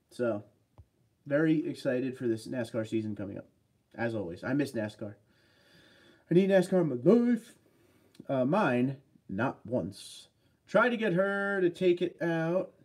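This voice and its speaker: A man in his thirties chats casually on a home livestream. He rambles and jumps from one viewer comment to the next, with a mid-pitched everyday voice. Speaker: livestream host.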